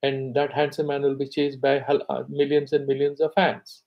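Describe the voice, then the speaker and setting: A man teaching scripture, reciting Sanskrit verses slowly and then explaining them conversationally. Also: medium pitch, completely flat delivery, gravelly, highs cut off. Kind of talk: explaining Sanskrit texts in a class.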